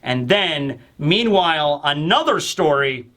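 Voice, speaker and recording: Brief: enthusiastic, rambling male manga reviewer, bright tone. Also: on the high side, animated, slow pace. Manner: enthusiastic, rambling, acts out lines. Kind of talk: casual manga review chat.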